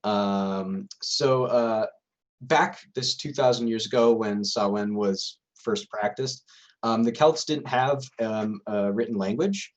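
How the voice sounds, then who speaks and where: Young male presenter, low voice, loose and hesitant casual lecture. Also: takes it slowly. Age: young adult.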